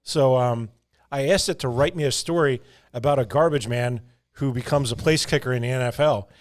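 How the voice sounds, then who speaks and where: A man's voice: mid-range voice, normal speed. Male podcast co-host, casual and rambling, laughs easily. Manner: rambling, chuckles often. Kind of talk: casual chat.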